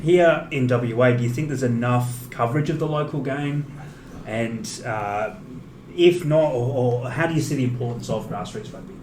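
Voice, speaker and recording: An Australian man co-hosting a podcast, asking relaxed, slightly hesitant questions. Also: mid-range voice, moderate pace. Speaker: podcast co-host. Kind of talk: casual interview. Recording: echoey room, faint noise.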